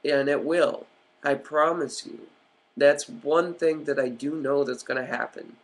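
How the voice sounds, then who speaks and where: A man's voice: on the high side, fairly even intonation, a little slow. A man ranting on a vlog in an agitated, profane, rambling way with many fillers. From United States. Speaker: vlogger.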